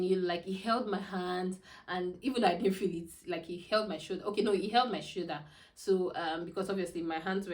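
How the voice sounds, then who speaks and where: A young woman telling a personal story to camera in a casual, chatty way, full of fillers and restarts. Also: mid-range voice. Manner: chatty, many fillers and restarts, laughs often. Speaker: vlogger.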